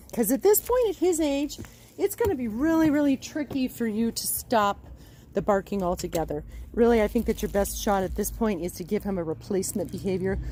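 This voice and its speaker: A woman's voice: warm tone, a little hiss or hum. A woman dog trainer teaching recall with a dog at home, upbeat and coaxing. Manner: upbeat, coaxing, high sing-song calls to the dog. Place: outdoors and indoors at a home with a dog.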